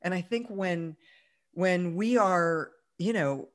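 Slow and on the low side, a woman guesting on an interview tells a personal story in a chatty way, full of fillers and easy laughter.

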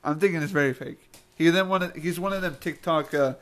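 A young man co-hosting a casual podcast chat, teasing with deadpan jokes. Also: a little high, quick pace. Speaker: podcast co-host.

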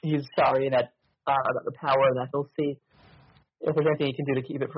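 A man's voice: mid-range voice, level tone, fast, dull audio, background noise. A man running a tabletop mystery game as game master, narrating with many ums and uhs.

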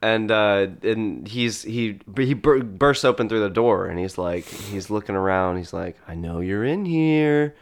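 A man's voice: fairly low pitch, steady tone, a little slow, hardly any pauses. A man narrating an improvised comedy story with loose fillers.

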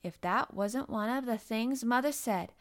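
A woman's voice: a little high, measured pace, voice pushed up, lightly acted. A woman voicing a blunt, cheerful young housemaid with a broad Yorkshire accent, talking in hearty dialect.

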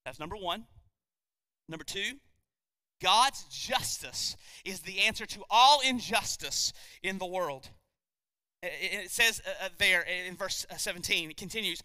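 A man's voice: high voice, measured pace, pushed and bright, smooth, no room sound. A man preaching a sermon emphatically, throwing rhetorical questions at his congregation. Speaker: pastor.

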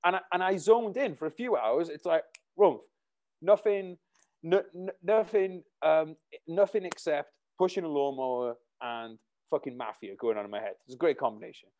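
A man, an army veteran and writer, talking in a halting, rambling, profane way. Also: fairly high pitch, dark tone. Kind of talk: casual conversation.

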